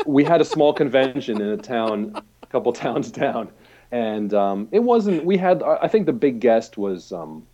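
A man's voice: mid-range voice, big pitch swings, moderate pace, dark tone, dull audio. A man telling rambling stories in casual chat, full of fillers, laughing often and mimicking the people he describes. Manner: rambling anecdotal storytelling with many fillers.

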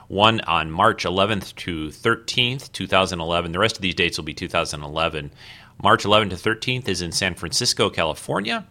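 A podcast host talks casually on his own, rambling with fillers and restarts. His voice sits low and has a sharp tone.

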